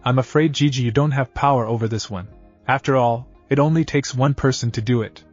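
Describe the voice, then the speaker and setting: A man's voice: mid-range voice, a little fast, lightly acted. Brooding bitter boy ninja read by a man, plain read-aloud delivery, dull lo-fi sound, faint music. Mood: weary.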